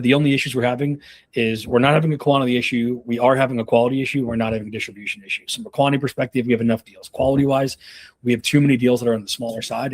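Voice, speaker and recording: A man in his thirties coaching on a call, casual and rambling, with many fillers and restarts. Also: mid-range voice. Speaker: sales leadership coach.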